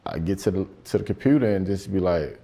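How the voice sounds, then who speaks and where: A man's voice: sits low, animated, fairly quick, dark tone, slightly rough. A man doing stand-up storytelling in loose, profane, conversational slang. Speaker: stand-up comedian. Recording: live show with audience laughter.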